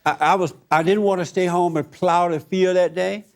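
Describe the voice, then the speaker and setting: A man's voice: high voice, fairly even intonation, moderate pace. A man hosting a group discussion, preaching emphatically and repeating his points. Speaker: host.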